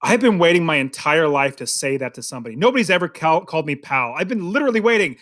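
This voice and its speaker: A man co-hosting a movie review podcast, chatting casually in a rambling, excitable way full of fillers and restarts. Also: a little high, fast. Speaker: podcast co-host.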